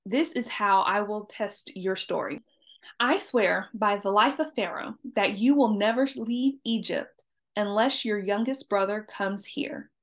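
A woman reading the lines of a stern male governor who accuses strangers, in a slow, deliberate and insistent delivery. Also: medium pitch, close to an everyday voice.

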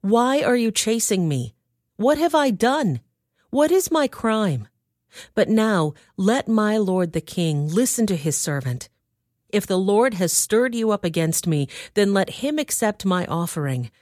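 A woman's voice: mid-range voice, lively intonation, a little slow, darkish tone, dry recording, studio quality, natural voice. A woman voicing the young man David in a Bible reading, with an earnest, raised voice. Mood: pleading.

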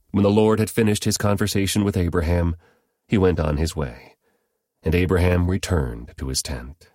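Man reading scripture, really deep voice, dry close sound. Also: normal speed, darkish tone, dry recording. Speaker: scripture reader.

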